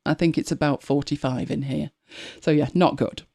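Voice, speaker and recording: On her live podcast, an English host from Manchester keeps things casual, trading wry anecdotes about everyday life with plenty of laughs. Her low, mellow voice holds a steady tone at a moderate pace.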